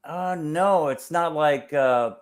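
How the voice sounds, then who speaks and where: A man's voice: a little high, takes it slowly. A man hosting a casual chat, rambling and searching aloud for words.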